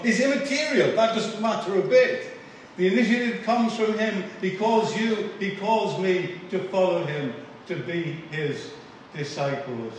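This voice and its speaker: A man delivers a sermon in an earnest, measured manner, stressing key phrases by repeating them. His voice sits high for a man. He is heard from a distance in a strongly echoing church with faint noise behind. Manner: earnest, measured preaching with emphatic repetitions. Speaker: preacher. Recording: echoey room, voice from afar.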